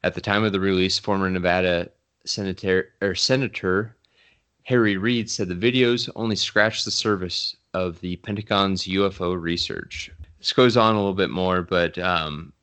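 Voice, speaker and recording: Man, very low voice, podcast co-host, reads news aloud, dry wry chat. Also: moderate pace, a bit bright, clear, resonant tone.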